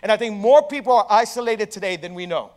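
Young pastor guy preaching, fairly high voice, lively storytelling, keeps asking the crowd stuff. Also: fast talker. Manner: storytelling, animated, asks the crowd questions. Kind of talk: sermon.

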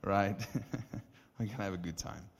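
A man with a South African accent, a pastor telling his story to a congregation in a casual, animated way full of "like" and "right?". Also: lowish voice, a little slow, creaky, long reverb tail. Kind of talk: storytelling sermon.

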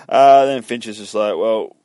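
A man's voice: low voice, a little mellow, dry recording, clean studio sound. A young man casually retelling a comic book story in a loose, rambling, profane way.

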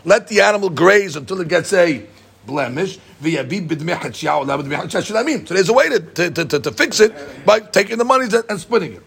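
A man leads a casual Talmud study session, rattling off the text at speed before explaining it. His voice sits a bit high and has a gravelly edge. He often stumbles and repeats words as he talks it through. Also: lively intonation, a bit bright. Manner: reads Aramaic text rapidly and explains it in English. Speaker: Talmud teacher.

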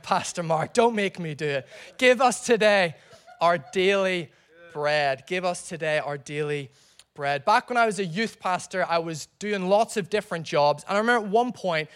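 Animated preacher man, high voice. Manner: animated storytelling preacher with crowd prompts. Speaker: pastor. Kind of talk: sermon.

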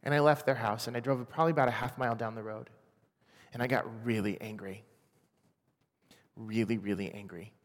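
A man in his forties from Washington state, sharing a personal testimony in an earnest, quiet, emotional way. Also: medium pitch, steady tone, brisk, long pauses. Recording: long hall reverb.

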